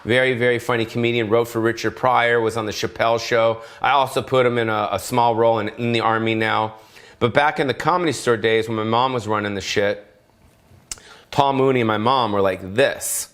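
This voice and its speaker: A man's voice: medium pitch, steady tone, fairly quick, fairly bright tone. A middle-aged man, a comedian, delivering a brash, profane and rambling solo rant from his home. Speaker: comedian hosting his own show. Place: home in Las Vegas.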